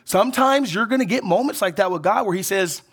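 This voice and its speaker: A pastor preaches a sermon in a high-sitting, fairly quick voice with a breathy edge. He keeps checking in with the congregation, asking "right?" and "okay?", and swings between emphatic rises and soft drops.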